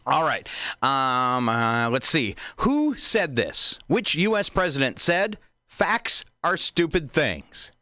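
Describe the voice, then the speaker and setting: A man's voice: mid-range voice, sing-song, slow pace, sharp tone, dry recording, studio quality. A man co-hosting a casual live stream, asking trivia questions and laughing often. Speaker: co-host. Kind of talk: casual trivia quiz chat.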